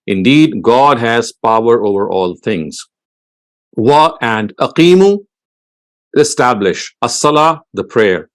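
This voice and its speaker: Male lecturer, mid-range voice, deliberate word-by-word teaching with brisk recited verses. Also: medium pitch. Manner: translating word by word, slow and deliberate; recites Arabic verses in quick chant. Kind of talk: word-by-word scripture lesson.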